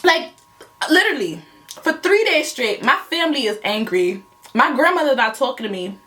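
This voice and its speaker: Young woman vlogger with a slightly high voice, animated and slangy storytelling. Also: moderate pace, faint music behind. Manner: animated, laughing, slangy retelling. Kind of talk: casual storytime.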